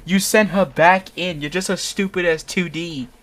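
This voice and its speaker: A man voicing a hotheaded young fanfic hero, reading the lines with shouted, overwrought melodrama. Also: high-pitched, big pitch swings, normal speed, a little hiss or hum, pitched above the performer's own voice. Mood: furious.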